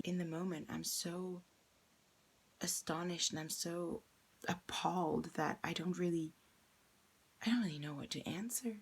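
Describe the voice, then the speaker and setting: A woman's voice: on the low side, a little slow, long pauses, slight background noise. A young woman candidly recounting a personal experience in a vlog, acting out the quoted lines as she retells them. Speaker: vlogger.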